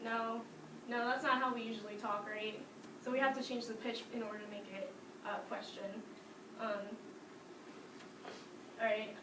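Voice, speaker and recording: A woman teaching a music class, talking lively and breaking into sing-song examples, recorded from afar in a classroom. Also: on the high side, moderate pace, pauses often, phone-quality sound. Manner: lively, sing-song demonstrations with frequent laughs. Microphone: distant camera mic. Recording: echoey classroom from far off, noisy.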